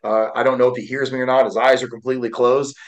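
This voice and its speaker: A man's voice: mid-range voice, flat delivery, fast talker, poor audio. A man in his forties, a guest speaker telling his life story in a candid, heartfelt way with frequent fillers. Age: 40s. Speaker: guest, motivational speaker and author. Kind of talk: emotional personal storytelling.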